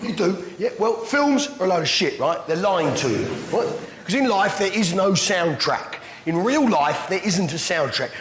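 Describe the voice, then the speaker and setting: A man's voice: sits high, background noise. A man doing stand-up comedy, bantering crudely with the audience in a brash manner. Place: comedy stage before live audience. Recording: echoey live venue, loud audience.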